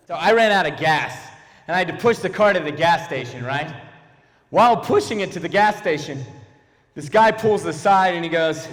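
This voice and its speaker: A young adult man performing a stand-up comedy set and slipping into quick silly character voices. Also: fairly high pitch, lively intonation, fairly bright tone. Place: church hall, live audience. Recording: long hall reverb.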